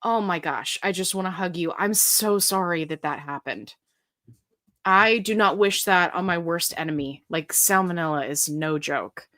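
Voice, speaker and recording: A middle-aged woman hosts a live question-and-answer stream, talking casually and warmly to her viewers. She reads their comments aloud and answers in a chatty, lively way. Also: fairly low pitch, normal speed. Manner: chatty and animated, reads comments aloud, breaks into silly sung bits.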